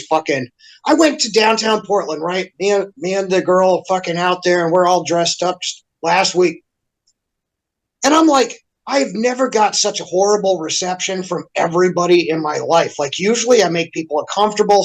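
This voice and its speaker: A man on a heated, profane rant in casual podcast chat, animated and cursing constantly. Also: sits high, rough recording. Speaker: podcast regular.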